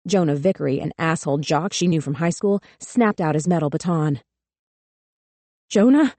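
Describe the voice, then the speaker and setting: Measured, grave woman narrator with a darker tone, dry close studio sound. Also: deep voice, a little mellow, dry recording. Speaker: audiobook narrator. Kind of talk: scripted narration.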